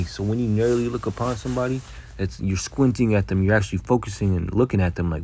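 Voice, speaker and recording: A man giving a casual, blunt Bible lesson, swearing freely and filling every pause with "all right" and "man". He reads scripture slowly and deliberately. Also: fairly low pitch, a little mellow, husky. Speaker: Bible teacher.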